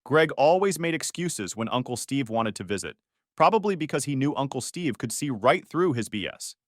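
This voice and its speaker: A young man narrating a first-person story in an even, reflective way. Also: mid-range voice, normal speed, no echo, clean studio sound.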